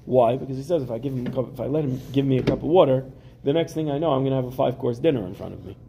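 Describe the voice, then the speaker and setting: A man's voice: mid-range voice, racing, vocal fry, background noise. A man giving a Talmud class to students, reading the Aramaic text and explaining it in casual English with everyday examples. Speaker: Talmud teacher.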